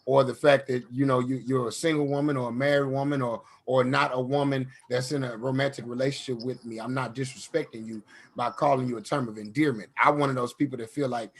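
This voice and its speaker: A man's voice: mid-range voice, fairly even intonation, fast talker. A man with a Southern US accent hosting a casual comedy podcast chat, telling stories loosely with lots of fillers and restarts. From American South. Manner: laid-back storytelling with frequent fillers and restarts. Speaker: comedian host.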